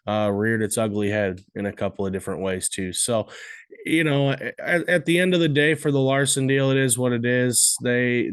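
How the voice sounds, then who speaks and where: A male podcast co-host giving blunt, measured opinions in casual chat. He talks haltingly with frequent fillers. His voice sits at a middle pitch and sounds dry and close, with no room echo. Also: clear, resonant tone.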